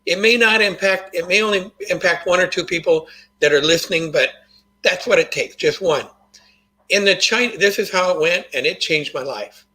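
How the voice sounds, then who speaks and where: An older man telling a story in an earnest, folksy way as an interview guest. His voice sits a little high and sounds sharp and bright. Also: moderate pace, low-quality recording. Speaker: guest, motivational author.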